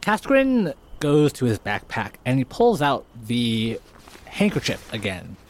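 A man's voice: mid-range voice, wildly swooping pitch, a little slow, slight background noise. Guy player, rambly casual chat, lots of like. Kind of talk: casual chat in a tabletop game.

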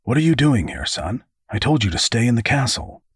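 A man's voice: mid-range voice, big pitch swings, fairly quick, slightly rough, no echo, clean studio sound, pitched above the performer's own voice. A man voicing a wounded ex-soldier father who speaks tersely and coldly. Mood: firm. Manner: terse, cold.

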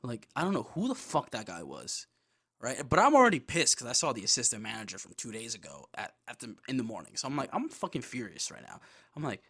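A young man hosting a podcast, telling a casual story with a lot of swearing and animated bursts. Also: medium pitch, quick pace. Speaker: podcast host.

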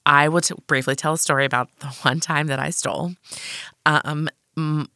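Gravelly, bright-voiced woman podcast host. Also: low-pitched, normal speed, dry recording, studio quality. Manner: animated storyteller, frank and self-mocking. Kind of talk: casual chat summarizing a book.

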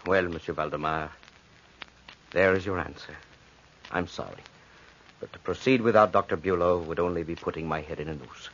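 A commanding, deep-voiced mesmerist doctor. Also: male voice, a bit bright, a little hiss or hum. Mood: firm. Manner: authoritative, slow and hypnotic when inducing trance. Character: commanding male physician and mesmerist, calm and insistent. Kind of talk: 1940s radio acting. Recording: dull lo-fi 1940s radio broadcast.

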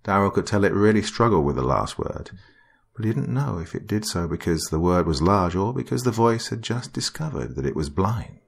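A man reading a horror story as narrator in a slow, dramatic storytelling manner. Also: low-pitched, expressive, gravelly.

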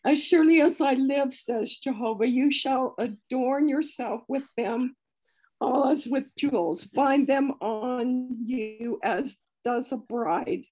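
A woman in a study group reading scripture aloud slowly and with feeling over a video call. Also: sits high, darkish tone, poor audio. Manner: slow, careful, heartfelt reading.

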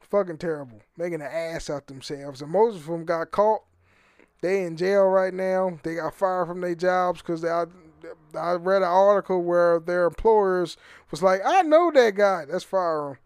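A man's voice: high voice, fairly even intonation, moderate pace, clean tone, no echo, clean studio sound. A man hosting his own podcast, rambling and swearing freely, often stumbling over repeated words and laughing. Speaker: podcast host. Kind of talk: casual solo podcast rant.

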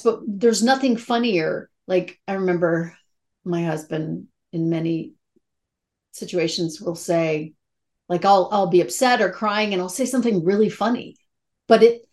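A middle-aged woman, an actress, talking candidly and emotionally in a casual interview, with many fillers and restarts. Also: medium pitch. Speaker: actress guest.

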